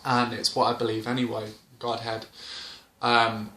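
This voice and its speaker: A man's voice: mid-range voice, completely flat delivery, a little slow, bright, forceful tone. A young man telling a story to camera, rambling with lots of fillers and restarts. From Britain. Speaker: vlogger. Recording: roomy indoor echo.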